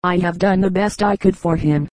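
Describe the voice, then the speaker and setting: A woman's voice: lowish voice, normal speed, darkish tone, no room sound, lightly acted. A woman voicing a good-tempered, easygoing aunt in her thirties, with a mild and slightly proud manner.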